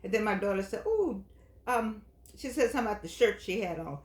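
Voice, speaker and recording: An older woman talks in an earnest, chatty way, leaning on words like a preacher. She mixes motivational talk with passages read from a book. Her medium-pitched voice rings around an echoey room. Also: fast talker. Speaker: host of a senior-life show.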